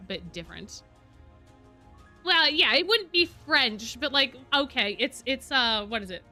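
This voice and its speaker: A woman's voice: high-pitched, pushed and bright. A woman streamer chatting and reading a novel aloud, laughing often between thoughts. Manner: chatty, laughing, hedging asides. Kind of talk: live read-aloud with chat.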